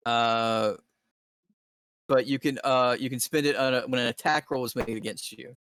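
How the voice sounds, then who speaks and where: A man running a tabletop game as dungeon master, narrating in a halting, filler-heavy way. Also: medium pitch, steady tone, a bit bright, clear, resonant tone, dry recording, rough recording. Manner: hesitant, full of fillers and restarts. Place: home setup on a stream.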